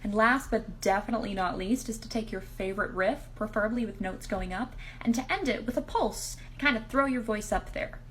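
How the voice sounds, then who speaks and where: A woman's voice: mid-range voice, brisk, hardly any pauses, a bit bright, a little hiss or hum. A woman explaining step by step, in an upbeat and chatty way, how to sing like pop singers. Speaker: singer and impressionist. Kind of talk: casual singing tutorial.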